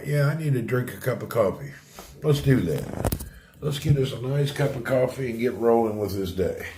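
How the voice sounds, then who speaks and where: Man, live stream chat, unhurried, lively pitch, echoey room. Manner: laid-back, laughs often, chats with viewers. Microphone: streaming setup. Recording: roomy echo.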